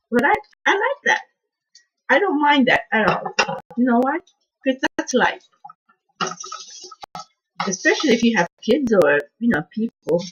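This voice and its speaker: A woman hosting a casual cooking vlog from her home kitchen, quiet and soft-spoken, chatting in a rambling way and trailing off as she cooks. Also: fairly high pitch, slightly rough, poor audio. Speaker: cooking channel host.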